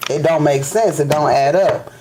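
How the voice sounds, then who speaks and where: A man's voice: fairly high pitch, moderate pace, noisy background. A man hosting a spiritual live stream, ranting in casual, profane speech and repeating "you know what I'm saying.". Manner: restarts and stammers when fired up.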